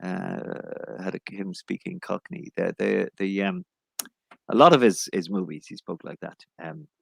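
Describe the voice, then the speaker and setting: A man's voice: low voice, unhurried, creaky, a bit bright, slightly rough, dry recording. A man with an Irish accent, an English teacher in a casual live chat, rambling and jokey, often correcting himself.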